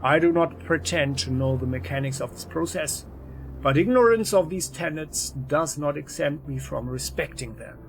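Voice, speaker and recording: A man reading aloud as an enigmatic, athletic male stalker, musing slowly and deliberately. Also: fairly high pitch, gravelly. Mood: measured. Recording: faint game music behind.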